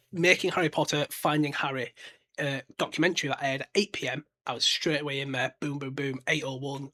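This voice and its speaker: A man's voice: a little high, sharp tone. A man hosting a casual solo podcast, talking bluntly with lots of fillers and restarts. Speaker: podcast host.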